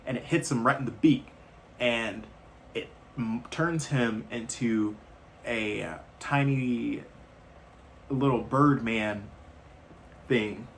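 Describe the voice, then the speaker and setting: A man's voice: medium pitch, slow, pauses often, a bit bright, a little hiss or hum. A man casually retelling a film's plot in a loose, rambling way with slangy asides. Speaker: movie reviewer.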